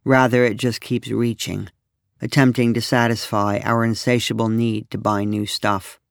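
A man's voice: medium pitch, moderate pace, gravelly, dry recording. Wry middle-aged man reading an essay. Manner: wry, dry, deadpan delivery. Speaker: essayist reading his own work. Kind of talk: reading a humorous personal essay.

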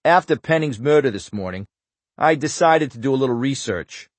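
A man voicing a smug know-it-all detective with a heavy Boston accent, loud and drawn out. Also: medium pitch, expressive, moderate pace, dry recording, voice pushed up, natural voice. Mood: smug lecturing.

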